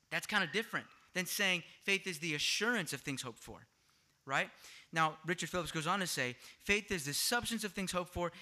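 A man preaching a sermon, explaining a word study to his congregation and asking them questions as he goes. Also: fairly high pitch. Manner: teaching, asks the congregation questions, swings louder for emphasis. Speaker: pastor.

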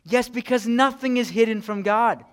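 Chatty, high-voiced male preacher. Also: moderate pace. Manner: chatty, frequent "right?" and "you know", animated. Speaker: pastor. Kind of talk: conversational sermon.

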